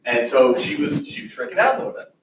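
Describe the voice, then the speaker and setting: A man's voice: fairly high pitch, very animated, quick pace, creaky. A man in the class telling a story about a friend, hesitant, with many fillers. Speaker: student in the class. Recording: roomy, far from the mic, dull, faint noise.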